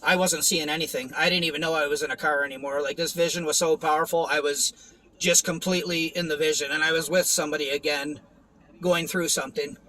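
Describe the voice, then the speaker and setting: A man's voice: fairly high pitch, fairly even intonation, fast, sharp tone, low-quality recording. A young man giving a rambling, earnest personal testimony, with many restarts and fillers. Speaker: testimony vlogger.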